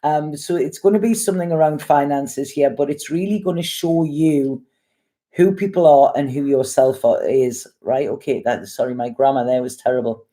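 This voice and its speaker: A deep-voiced woman gives tarot readings in a chatty, rambling way, swearing bluntly as she goes. Her delivery is mellow and moderately paced.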